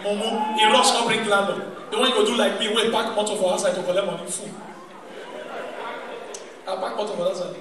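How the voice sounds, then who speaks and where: Nigerian male stand-up, high voice, picked up far off in a big echoing venue with a laughing crowd. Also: brisk, long pauses, noisy background. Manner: animated, bursts into shouts, mimics characters. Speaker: stand-up comedian. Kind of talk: stand-up comedy in Pidgin. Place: large live comedy venue. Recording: echoey live hall from far off.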